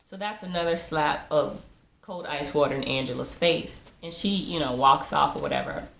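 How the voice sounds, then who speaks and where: Low-voiced woman with some fry, chatty tv recap, echoey room. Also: normal speed, a bit bright, slight background noise. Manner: chatty, laughs often, acts out quotes. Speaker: TV episode reviewer. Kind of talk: casual TV recap. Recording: roomy echo.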